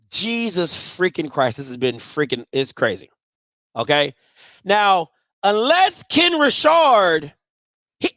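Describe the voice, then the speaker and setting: Animated ranting male show host. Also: dry recording. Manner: animated, swings from low mutters to shouted rants, profane. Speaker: sports talk show host. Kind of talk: casual live sports talk.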